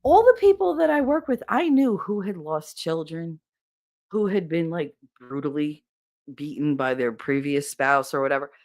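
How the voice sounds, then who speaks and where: A woman hosting a podcast, telling a story in a blunt, profane, animated way from her home office. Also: deep voice, moderate pace. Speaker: podcast host. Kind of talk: casual storytelling.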